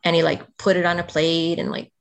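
A woman's voice: lowish voice, monotone, brisk. A woman, a podcast guest, telling a personal story in conversation, earnest and emotional, filling her speech with "like". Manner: emotional, earnest, heavy on "like" fillers.

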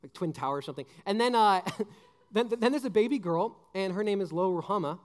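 Young man, youth pastor, high-pitched voice, animated sermon, casual joking delivery, frequent restarts. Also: brisk, in a large hall.

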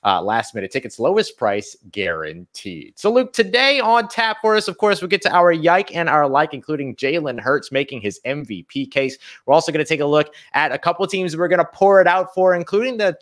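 A man co-hosting a sports talk podcast. His voice sits a little higher than most men's, and he talks with energetic emphasis, leaning hard on the points he wants to land. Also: brisk, few pauses. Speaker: podcast co-host.

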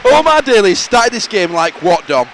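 A man's voice: high-pitched, sing-song, normal speed, gravelly, a bit bright, slight background noise. A man co-hosting a podcast at a football match, laughing a lot and tripping over player names. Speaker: podcast co-host. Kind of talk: casual match-day banter. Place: outdoors at a football stadium.

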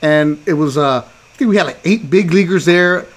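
A man's voice: on the high side, moderate pace. A man hosting a podcast, chatting casually and teasing his guests. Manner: teasing, animated. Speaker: podcast host. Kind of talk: casual chat.

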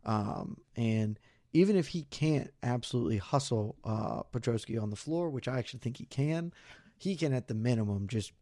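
A man's voice: mid-range voice, animated, moderate pace, warm tone, no room sound, studio quality. A man co-hosting a sports betting podcast, talking loosely and poking fun at himself as he walks through his wagers. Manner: loose, rambling, self-deprecating. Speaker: podcast co-host. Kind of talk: casual betting podcast chat.

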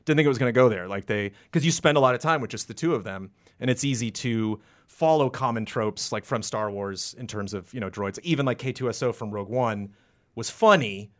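A man in casual podcast chat, rambling and animated, acting out quotes with sudden jumps into a high voice. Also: a little fast. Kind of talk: casual podcast chat about video games.

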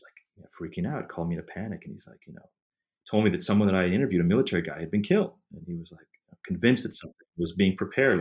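A man with a very deep voice who talks fast, telling an interviewer about his research. He rambles, circles back and fills gaps with "um" and "you know". It sounds like loose, relaxed conversation. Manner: rambling, many fillers and restarts. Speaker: historian and author, interview guest. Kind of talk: casual conversational storytelling.

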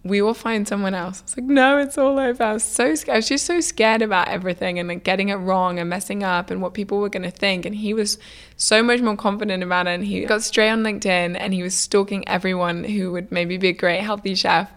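A young woman, a food business founder, telling stories in a casual interview in a chatty, lively way, acting out what people said. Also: mid-range voice, fast talker, hardly any pauses. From United Kingdom. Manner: chatty, lively, many "like" fillers, acts out quoted dialogue.

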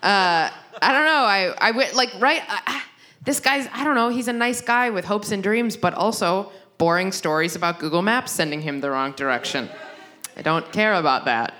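A young woman with a bright, clear voice doing stand-up comedy. She rambles through self-deprecating bits and stumbles into quick restarts and asides. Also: medium pitch.

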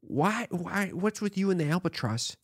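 A man's voice: high-pitched, expressive, normal speed, dry recording, clean studio sound. A man co-hosting a podcast in casual chat, swearing and bickering in an exasperated way. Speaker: podcast co-host.

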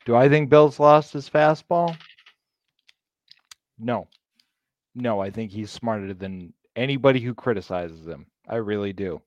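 A man's voice: medium pitch, dry recording, highs cut off. A man co-hosting a football podcast in casual chat, emphatic and opinionated. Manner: emphatic and opinionated, quick to laugh. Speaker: podcast producer and co-host.

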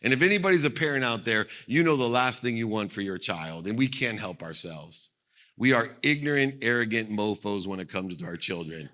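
A middle-aged man delivers a motivational keynote from a stage, his voice bright and forceful. He drives his points home emphatically, circling back on key phrases to hammer them in. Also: lowish voice, animated, brisk. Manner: emphatic, repeats phrases for effect. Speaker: motivational speaker. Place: on stage at an event.

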